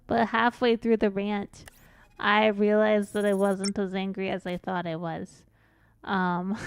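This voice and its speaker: A woman with a smooth, clear voice chats slowly and giggles often as she streams a game. She rambles from thought to thought and refers to herself by her own nickname. The sound is dry and close. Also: medium pitch, steady tone, no echo. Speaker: VTuber streamer. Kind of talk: casual chat while streaming a game.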